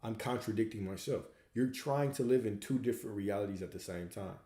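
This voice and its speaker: A man's voice: on the low side, a little fast, warm tone. Preachy man in an echoey room. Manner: preachy, repeats rhetorical questions. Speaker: host answering viewer questions. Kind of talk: livestream Q&A coaching talk.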